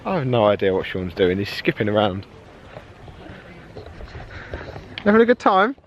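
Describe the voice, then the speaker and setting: Lively British man vlogging outdoors. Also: on the low side, normal speed, muffled recording, a little hiss or hum. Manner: chatty, joking, lively. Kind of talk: casual travel vlog narration. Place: outdoors at a castle.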